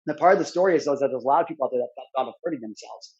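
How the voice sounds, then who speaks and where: Guy in his 30s telling his story real quick, lots of "like", kinda muffled lo-fi audio. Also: medium pitch, darkish tone, slightly rough. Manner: earnest, rambling, many "like" fillers and restarts. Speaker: podcast guest speaker. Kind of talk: personal storytelling.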